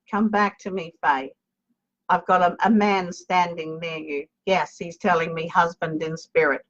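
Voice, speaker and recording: A woman's voice: fairly low pitch, fairly bright tone. A woman working as a psychic medium in a live online reading, chatty and calling viewers darling and babe as she greets them by name. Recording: lo-fi dull stream audio.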